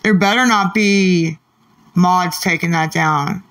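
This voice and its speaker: A man's voice: high-pitched, slow, fairly bright tone. A man live-streaming late at night, irritably snapping back at commenters and muttering repeated words. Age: adult parent. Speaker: livestreamer reading chat.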